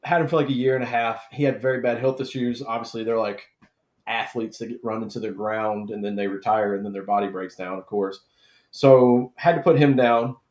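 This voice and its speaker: A man's voice: mid-range voice, steady tone, a little fast, darkish tone. A man hosting a live draft stream, telling stories in a laid-back, casual way. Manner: chatty, storytelling, laid-back with swearing. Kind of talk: casual chat. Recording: echoey room.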